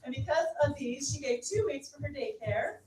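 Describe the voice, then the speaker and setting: A woman's voice: high-pitched, lively intonation, normal speed. A woman leading a team meeting, upbeat and cheering the group on. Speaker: meeting leader. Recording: roomy far-off mic with music behind.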